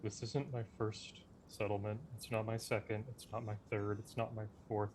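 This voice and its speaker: Curt low-voiced man player. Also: flat delivery, moderate pace, a little mellow, a little hiss or hum. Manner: curt, guarded, clipped. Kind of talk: in-character role-play.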